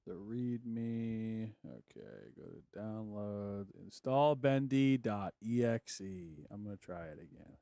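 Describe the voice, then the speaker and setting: A man's voice: lowish voice, animated, slow pace, creaky, few pauses, dark tone, no room sound, clean studio sound. Frustrated man muttering through a plugin install. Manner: frustrated, muttering to himself, swears often. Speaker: music producer vlogger. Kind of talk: casual screen-recording chat.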